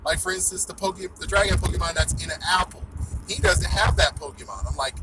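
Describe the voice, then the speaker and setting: Male vlogger, slightly high voice, excitable and sweary. Mic set back from him, with traffic noise audible. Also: fairly quick, far from the mic. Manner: excitable, swears, laughs a lot. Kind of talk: casual ranting chat.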